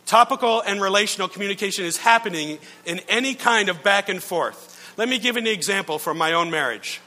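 This middle-aged male pastor delivers a relaxed, conversational sermon, telling stories, poking fun at himself, and often checking in with his listeners. His voice is high-pitched and fairly quick, with long reverb from a large hall.

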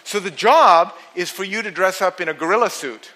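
A man's voice: sits high, moderate pace, pushed and bright, low-quality recording. A man voicing a worried middle-aged zookeeper who explains things plainly and a bit hesitantly. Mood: matter-of-fact.

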